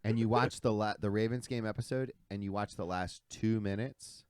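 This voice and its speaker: A man's voice: fairly low pitch, normal speed, a little mellow, clean tone, dry recording, studio quality. A man co-hosting a casual podcast, telling stories animatedly and swearing casually. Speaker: podcast co-host. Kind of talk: casual group podcast chat.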